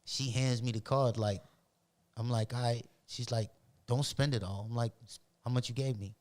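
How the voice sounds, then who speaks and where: A man spins long, animated stories from his youth. He talks in casual street slang, full of profanity. His voice sits at a middle pitch for a man. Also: normal speed. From Roxbury, Boston. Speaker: podcast guest. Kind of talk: casual storytelling.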